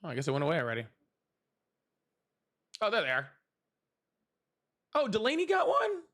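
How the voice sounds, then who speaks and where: A man's voice: sits high, wildly swooping pitch, moderate pace, fairly bright tone. A young man hosting a casual livestream, chatting with viewers, thanking them and laughing often. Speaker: livestream host.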